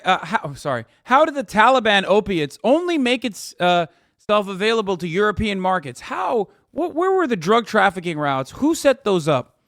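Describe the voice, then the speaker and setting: A man's voice: high voice, sing-song, normal speed, a bit bright, dry recording, clean studio sound. Sarcastic, profane man ranting. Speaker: political livestream host. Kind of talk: live-stream news reaction.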